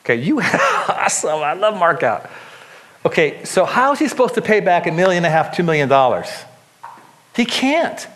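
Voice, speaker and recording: A man preaching to a congregation in a fairly high voice. He reads scripture and then breaks off into lively, joking asides, often restarting his sentences as he goes. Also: fairly quick. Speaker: pastor. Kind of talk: sermon.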